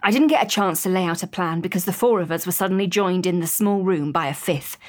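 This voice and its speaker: A woman's voice: on the low side, fast, very noisy. A woman narrating an audio drama in first person, wry and lightly comic.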